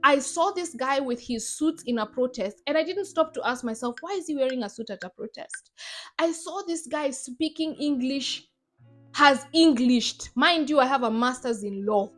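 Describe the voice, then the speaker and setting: A woman's voice: high-pitched, lively intonation, fairly quick, hardly any pauses, faint music behind. A young adult woman from Zimbabwe giving emphatic, sarcastic commentary in a vlog. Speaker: YouTuber.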